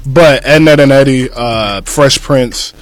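A man's voice: mid-range voice, slow, no room sound. A young man in casual chat, talking loosely in slang and often laughing. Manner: laid-back slang, frequent laughs.

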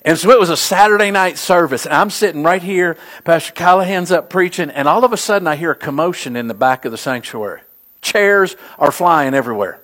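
A middle-aged man, a pastor, preaching a sermon with animated storytelling that rises to emphatic peaks. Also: fairly high pitch, fairly quick.

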